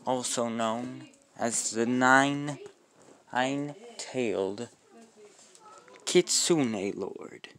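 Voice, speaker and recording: A man casually narrating a homemade fan story, rambling off on tangents with halting restarts. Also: medium pitch, a bit bright.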